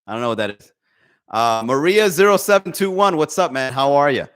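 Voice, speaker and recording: A man's voice: on the high side, animated, fairly quick, a bit bright, clear, resonant tone. A young adult man, a comedian hosting a casual livestream podcast, talking through a phone, reading viewer comments and acting out the voices he quotes, with plenty of swearing. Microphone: phone for live stream.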